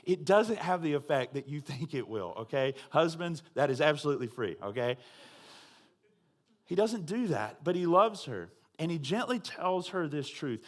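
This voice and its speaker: A man as pastor, high voice, chatty sermon, checks in with the congregation, dry side jokes. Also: sing-song, moderate pace. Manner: conversational, with frequent tag questions to the congregation.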